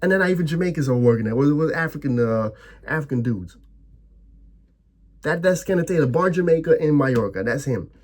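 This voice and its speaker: A man's voice: fairly high pitch, lively intonation, fairly quick. A young man ranting as a football fan, heated and profane, stammering over his restarts.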